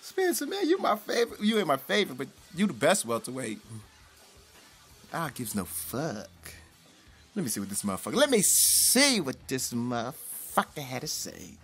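Rowdy, animated young man ranting. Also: normal speed, slightly rough, soft background music. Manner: loose, profane, rambling slang with sudden high-pitched outbursts. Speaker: boxing YouTuber. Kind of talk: casual commentary vlog.

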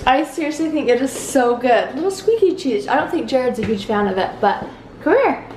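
Chatty young mom with a high voice. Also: female voice, expressive, brisk, a little mellow. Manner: chatty, baby-talking to her toddler. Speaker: vlog host and mother. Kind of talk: casual family vlog. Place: family home indoors. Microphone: handheld camera.

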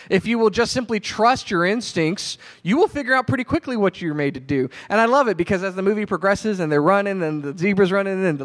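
A man's voice: high-pitched, quick pace, hardly any pauses. A male pastor giving a sermon in a conversational, storytelling way. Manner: conversational storytelling, animated retelling.

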